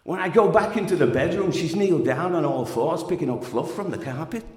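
A high-voiced man performing a spoken-word story, his pitch rising and falling all over as he swings between wry humor and frustration. His voice rings out in a large echoey hall with a long reverb tail. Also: expressive, brisk.

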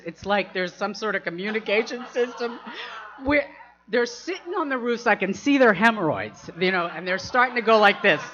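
A woman's voice: medium pitch, sharp tone. A woman telling a personal anecdote, laughing often and acting out the people she quotes. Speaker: storyteller. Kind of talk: personal anecdote told to an audience. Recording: dull lo-fi recording.

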